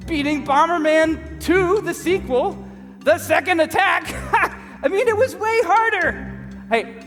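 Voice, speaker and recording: A cocky, goofy know-it-all barista, played by a man on stage, rambles and chuckles at his own jokes with a wildly swinging pitch. The voice rings in a reverberant hall. Faint music hums under it. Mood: bragging. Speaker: comedy sketch actor. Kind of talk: live stage comedy sketch. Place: church hall before an audience.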